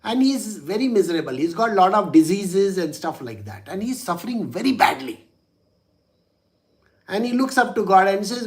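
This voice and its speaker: A man's voice: sits high, big pitch swings, moderate pace. A man, a spiritual teacher telling a religious story in a chatty way, with frequent chuckles and "you know" asides.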